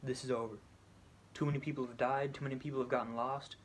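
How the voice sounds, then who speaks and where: A man's voice: medium pitch, level tone, quick pace, slight background noise, lightly acted. A man doing a weary, fed-up outlaw. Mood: resolute.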